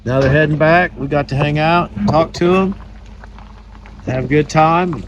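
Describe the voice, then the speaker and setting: A man's voice: fairly high pitch, normal speed, background noise. A man hosting a car restoration vlog, chatting casually and folksy while he works and hands out plain advice. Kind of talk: casual chat and work narration.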